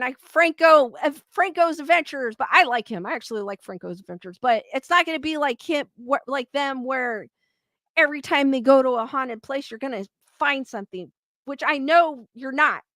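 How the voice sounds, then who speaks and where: A woman's voice: high voice, fairly bright tone, no room sound. A woman hosting a paranormal livestream, chatting casually with viewers and rambling candidly as she vents her frustration. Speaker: paranormal YouTube host live-streaming. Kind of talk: casual livestream chat, reading viewer comments.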